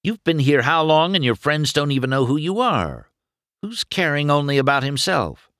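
A man's voice: a little high, very animated, normal speed, a bit bright, dry recording, clean studio sound, voice pushed up. Brash young race car, voiced by a man. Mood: eager pleading. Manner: eager, insistent, pleading.

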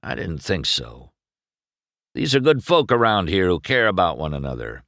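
A man voicing a gruff, bitter older male race car who grumbles in a stern, weary way. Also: deep voice, sing-song, normal speed, fairly bright tone, dry recording, clean studio sound, exaggerated voice.

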